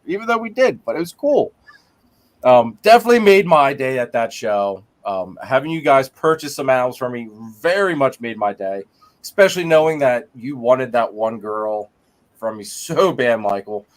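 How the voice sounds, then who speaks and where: A man's voice: a little high, moderate pace. A man hosting a casual live-stream chat, joking and laughing as he talks. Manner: animated, joking, lots of laughter. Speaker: podcast host.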